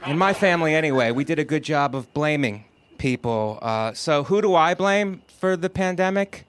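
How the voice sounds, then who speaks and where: A middle-aged man doing a stand-up set, delivering jokes punchily with sudden loud rants, and dropping to a quiet, measured tone in reflective asides. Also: fairly high pitch, expressive, a little hiss or hum. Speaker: stand-up comedian.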